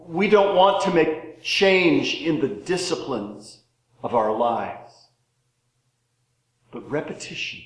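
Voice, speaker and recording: A middle-aged male pastor preaching a sermon, swinging between loud rising questions and soft, low, drawn-out words with dramatic pauses. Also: roomy sound, low-quality recording.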